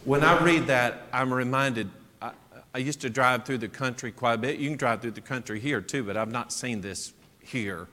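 A man preaching a sermon in an animated way, full of rhetorical questions. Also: mid-range voice, normal speed, big-room sound.

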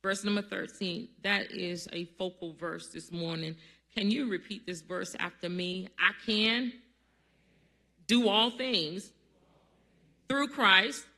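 A pastor preaching a sermon in a church, calling for responses from the congregation and building to loud, emphatic peaks. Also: mid-range voice, gravelly. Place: church sanctuary.

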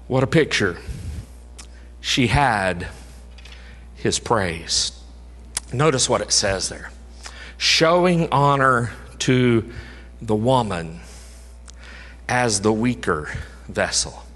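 A male pastor preaching a sermon, emphatic, swinging from raised urging to hushed low tones. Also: animated, drawn-out words, long pauses. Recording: reverberant hall.

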